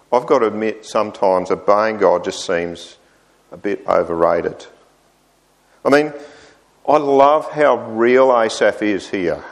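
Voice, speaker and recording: Slow-paced man preaching. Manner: expressive, rises high when voicing the psalmist's complaints. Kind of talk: sermon.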